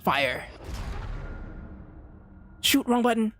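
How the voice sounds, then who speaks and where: A streamer chats casually during a live game, ranting with plenty of slang and frequent restarts. The voice is mid-range and fairly bright, sing-song and very slow. It's recorded dry on a close mic, with faint game music underneath.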